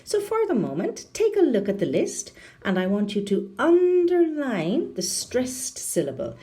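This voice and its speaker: A woman leads an English lesson, walking learners through an exercise slowly and clearly. Her voice is mellow and dark, and her pitch rises and falls in big, animated sweeps. She keeps throwing questions to the class. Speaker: English teacher.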